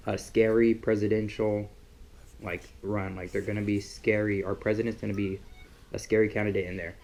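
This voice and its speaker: A man's voice: lowish voice, a little mellow. A young man rambling casually about his political opinions in a vlog, with lots of filler words. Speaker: vlogger.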